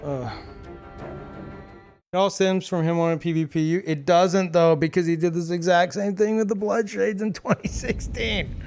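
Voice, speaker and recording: A man's voice: high-pitched, fairly even intonation, a little slow, long pauses, a little mellow, faint music behind. A young man streaming live gameplay, ranting in exasperation, laughing and swearing as he plays.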